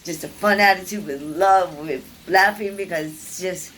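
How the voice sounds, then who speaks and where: A woman's voice: lowish voice, moderate pace, a little hiss or hum, poor audio. A woman vlogger telling a personal story in a casual, rambling way, full of fillers and restarts and acting out what people said. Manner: lively, acts out quoted people.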